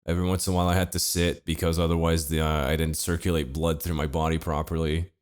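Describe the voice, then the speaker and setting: A young man co-hosting a podcast, telling a story in a deadpan, laid-back way with wry asides. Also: rumbling low, fast talker, clean tone. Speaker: podcast co-host. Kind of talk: casual comedic storytelling.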